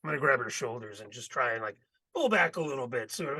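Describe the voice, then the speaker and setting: A man's voice: medium pitch, animated, fast talker, sharp tone, husky, dry recording. A man playing a tabletop role-playing game, eagerly describing his character's actions. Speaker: player. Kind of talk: casual tabletop role-play.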